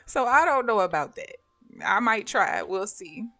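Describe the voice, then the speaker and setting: Bright-voiced woman trader chatting to viewers. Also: medium pitch, moderate pace, soft background music. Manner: animated storyteller who addresses viewers as "y'all" and laughs often. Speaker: day trader live-streaming her trades. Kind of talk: casual live-stream chat with trading commentary.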